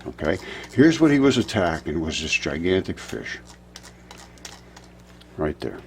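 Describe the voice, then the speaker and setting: A man in his seventies narrating over a map, insistent, rebutting doubters and jumping up in pitch when pointing things out. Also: big pitch swings, unhurried, gravelly, darkish tone, slight background noise. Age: 70s. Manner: insistent, rebutting imagined objections. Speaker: presenter of a fringe geology channel.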